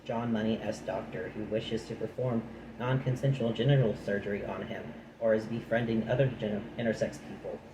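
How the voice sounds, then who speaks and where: A man's voice: fairly low pitch, fairly even intonation, fairly quick. A man reading a nonfiction book aloud, breaking off into chatty, dry asides of his own. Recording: echoey room with noise.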